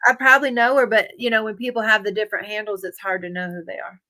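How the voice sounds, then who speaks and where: A woman appearing as a guest on a casual craft livestream, giving relaxed, agreeable replies. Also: medium pitch, dry recording. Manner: easygoing, quick agreeing replies.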